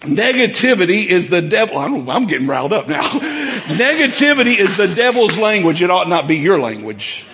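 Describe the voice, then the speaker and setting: A man preaching a sermon in a church, folksy and fervent, building up to shouts. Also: sits high, big pitch swings, brisk, few pauses, big-room sound, a little hiss or hum. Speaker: pastor. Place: church sanctuary.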